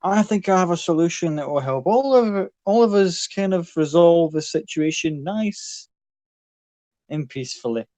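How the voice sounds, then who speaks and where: A man's voice: fairly high pitch, animated, normal speed, dry recording, lightly acted. A man puts on a brash circus ringmaster, all swagger and swearing. He barks at the crowd with a raised, pushy voice. The sound is dry and close. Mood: coaxing. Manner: loud, foul-mouthed and bossy.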